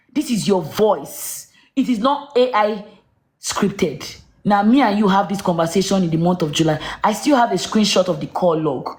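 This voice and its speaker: A woman ranting on a livestream, shouting accusations and rhetorical questions at someone. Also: medium pitch, lively intonation, normal speed, echoey room. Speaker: social media livestreamer. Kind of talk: angry live-stream rant.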